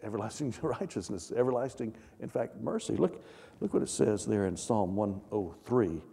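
A man preaches a sermon, reading scripture aloud with swelling emphasis and turning to his listeners with questions. His voice sits low and sounds dark and mellow. It rings with the long reverb of a large hall. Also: moderate pace, creaky, husky. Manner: reads scripture aloud with rising emphasis, asks the congregation questions. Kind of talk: sermon, Bible teaching.

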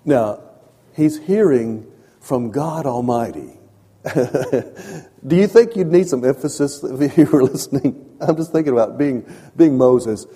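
Preacher man with a dark voice in a reverberant hall. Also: mid-range voice, animated, a little slow, breathy edge. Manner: conversational, repeats phrases, swings from soft to emphatic. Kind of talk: sermon.

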